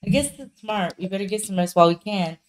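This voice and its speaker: A woman voicing a cheerful young female friend in a game, who gently teases and chides a sleepy companion. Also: mid-range voice, fast talker, a little hiss or hum, close to an everyday voice. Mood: friendly teasing. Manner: friendly, chiding, lightly teasing.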